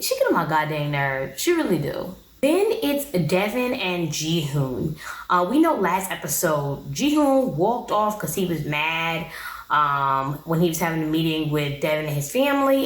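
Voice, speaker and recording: A woman's voice: lowish voice, echoey room, poor audio. A woman giving a casual, blunt, sassy recap of a reality show, talking straight to her viewers.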